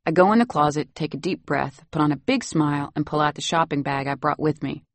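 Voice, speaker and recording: A woman narrating a novel in the first person, wry and lively. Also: sits low, brisk, no echo. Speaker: audiobook narrator.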